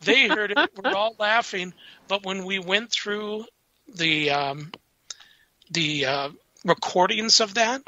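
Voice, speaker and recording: A man telling paranormal investigation stories in casual radio chat, animated and laughing as he acts out what people said. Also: high-pitched, slow, no echo. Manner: animated, laughing storyteller acting out quotes. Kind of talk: casual storytelling on a radio show. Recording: dull, lo-fi radio sound.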